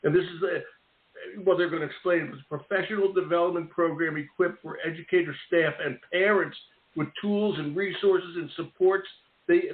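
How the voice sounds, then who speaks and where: A man hosting a radio interview in a chatty, rambling way, often repeating and restarting his words. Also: high-pitched. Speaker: radio show host. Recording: tinny phone-like line with roomy echo.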